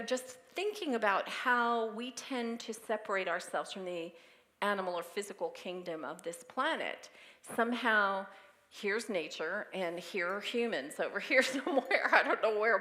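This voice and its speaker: Tender woman giving a Sunday sermon. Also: mid-range voice. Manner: personal, tender, laughs softly through grief. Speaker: minister giving the Sunday message.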